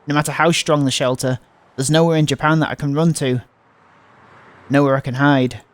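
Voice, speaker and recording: A man's voice: on the high side, fairly even intonation, moderate pace. Anxious man reading a visual novel. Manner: anxious, panicky narration with stumbles. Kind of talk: dramatic read-aloud of a game.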